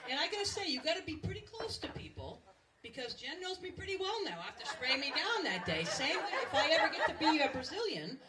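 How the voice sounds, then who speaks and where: A woman's voice: high voice, very animated, a little fast. Joking woman in her fifties at a banquet. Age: 50s. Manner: self-mocking and joking, with many fillers. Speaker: outgoing network president and emcee. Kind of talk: humorous farewell speech at an event. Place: large banquet room with a laughing audience. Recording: distant, noisy recording over a loud crowd.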